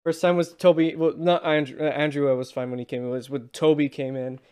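A man chatting casually about a film, halting and repeating words as he restarts his sentences. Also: a little high, level tone, a little mellow, smooth. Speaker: film discussion co-host. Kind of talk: casual chat.

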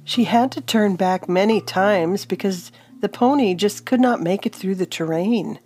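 A woman narrating a fantasy story in a calm, measured audiobook style. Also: lowish voice. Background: soft instrumental music.

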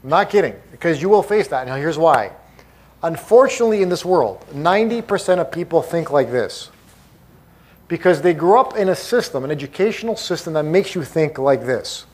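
A middle-aged man speaks to a live crowd in a voice pitched a little above the usual male range. He talks emphatically and drives each point home by repeating it. He sounds like a motivational speaker rallying a room. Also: animated, brisk. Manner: emphatic, repetitive, punchy. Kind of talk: live motivational talk to an audience.

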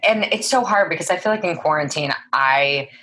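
Young woman w a low voice, casual podcast chat, lots of likes, swears a bit. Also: a little fast. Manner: animated, swearing, lots of fillers. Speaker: podcast co-host.

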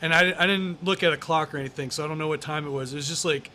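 A man with a bright, forceful voice pitched a little high, telling a story in a loose, rambling way. He leans on fillers and throws in swear words. A faint background hum sits under him. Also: steady tone, racing. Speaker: interview guest. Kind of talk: casual storytelling.

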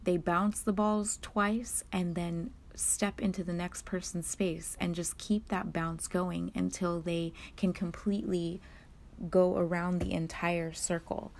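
A woman's voice: little pitch movement, takes it slowly, vocal fry. A woman speaking earnestly and emphatically in a casual monologue about prophecy. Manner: earnest, emphatic, quotes kids in high voices. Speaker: religious commentator.

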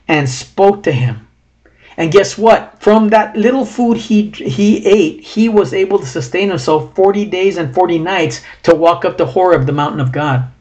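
A man preaching a sermon, reading scripture with feeling and breaking into conversational asides. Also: high voice.

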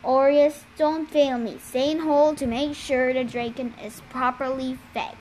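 A man's voice: very high-pitched, little pitch movement, a little slow, darkish tone, a little hiss or hum, poor audio. A woman voicing a scheming young male villain who speaks in a coaxing, persuasive way.

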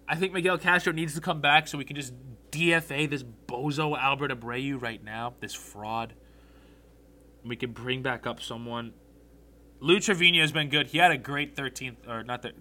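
A young man hosting a solo sports podcast, animated and blunt, swearing freely as he rants about his team. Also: medium pitch.

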